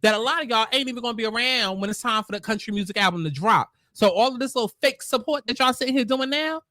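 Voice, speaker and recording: Sassy woman host with a bright edge. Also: fairly high pitch, quick pace, dry recording. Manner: sassy, repetitive, confrontational. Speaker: commentary channel host. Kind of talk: casual commentary rant.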